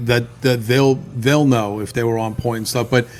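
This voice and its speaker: A man's voice: mid-range voice, fairly even intonation, moderate pace. A middle-aged man, a concert promoter and band manager, talking frankly in a casual chat.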